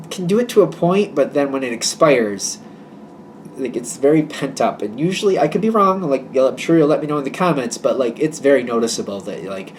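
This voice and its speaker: A man's voice: medium pitch, a little hiss or hum. A man giving a casual tarot reading to his viewers, chatty and hedging, with a wry, slightly snippy tone. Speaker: tarot reader.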